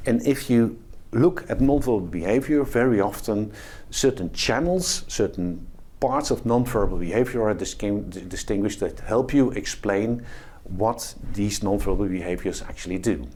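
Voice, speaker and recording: A man's voice: fairly low pitch, normal speed, darkish tone. A man, a professor, explains a topic to camera in a video lecture and demonstrates what he describes as he talks. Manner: explanatory, demonstrates behaviours while talking. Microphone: camera facing speaker.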